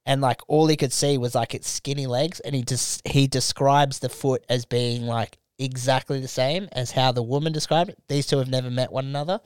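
A man rambles through a story on a podcast, swearing freely and slipping into voices for the people in it. His voice is smooth and clear, and the sound is dry and close. It is a casual chat between friends. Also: mid-range voice, steady tone, moderate pace, few pauses, no room sound. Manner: rambling storyteller, swears a lot, acts out quotes. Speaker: podcast host.

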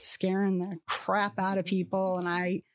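A woman's voice: mid-range voice, flat delivery, measured pace, no room sound, studio quality. A woman chatting casually as a podcast guest, rambling along with lots of fillers and restarts.

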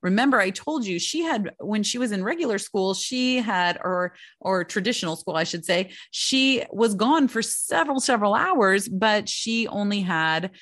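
Speaking at a moderate pace with few pauses, this middle-aged woman has an expressive, mid-range voice that's a bit bright. In a casual, reflective chat to camera, she talks warmly and emotionally about homeschooling her kids, checking in with "you know" and "right?" The audio is studio quality with no echo.

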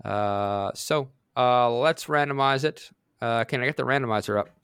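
A man from Canada hosting a tabletop game podcast, wry and brisk as he keeps things organized. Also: mid-range voice, a bit bright, clean tone, no room sound, clean studio sound. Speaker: game host. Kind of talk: casual podcast banter.

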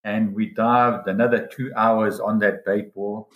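A man with a fairly low voice tells a long diving story in a relaxed interview. He gets animated and jumps up in pitch when he quotes other people. The room has a noticeable echo. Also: a little slow, dull audio. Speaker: dive guide telling a story. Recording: roomy echo.

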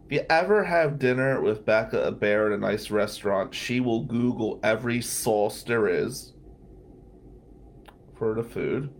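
A man's voice: mid-range voice, vocal fry, a little hiss or hum. A man, a lawyer hosting a radio talk show, telling a story in a loose, joking way, often laughing and swearing. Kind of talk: storytelling monologue.

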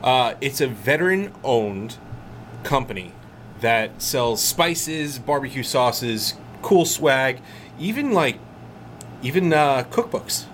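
A man co-hosting a podcast, giving relaxed, salesy sponsor pitches in casual chat. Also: takes it slowly, a little hiss or hum. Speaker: podcast co-host.

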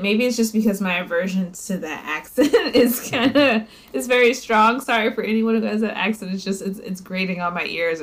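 A woman co-hosting a podcast in casual book-club chat, giving blunt opinions. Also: medium pitch. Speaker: podcast co-host.

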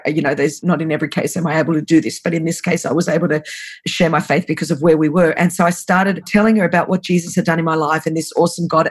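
A woman in her fifties, a guest on an interview podcast, telling her story in an earnest, urgent, fast-flowing way. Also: on the low side, husky. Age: 50s. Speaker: guest, anti-trafficking founder.

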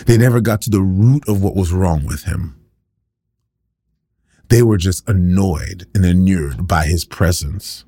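A man's voice: deep voice, measured pace, dark tone, husky, no echo, clean studio sound. A man preaching a sermon with passion, acting out the voices of the people he quotes.

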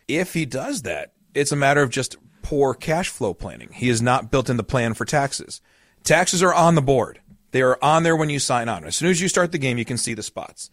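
Male podcast host and financial advisor, mid-range pitch, dry voice, earnest conversational explainer who leans on anecdotes. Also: no room sound. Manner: earnest, explains with family anecdotes and acted-out quotes; repeats key points for emphasis.

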